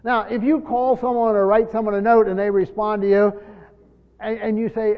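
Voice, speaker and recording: With a high-pitched voice but a flat delivery, a pastor preaches verse by verse at a moderate pace. He earnestly repeats words, stresses key ones and gives voice to imagined speakers, all in a dull, lo-fi church hall recording with long reverb.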